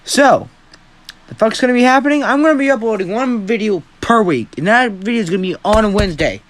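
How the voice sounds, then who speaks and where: A man's voice: sits high, expressive, fairly quick, no echo. Rambling, foul-mouthed young man. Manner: rambling, self-deprecating, heavy swearing. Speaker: fan-story channel host. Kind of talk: casual improvised storytelling.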